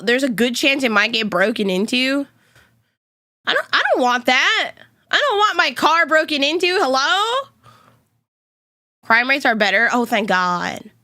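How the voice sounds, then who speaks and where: A woman's voice: high-pitched, sharp tone, dry recording, studio quality. A young woman VTuber chatting casually on stream, rambling from topic to topic and swearing freely.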